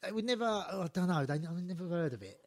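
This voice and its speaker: A man telling lively stories in casual chat, acting out quotes, swearing and laughing. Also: sits high, fast talker, gravelly. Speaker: podcast guest storyteller.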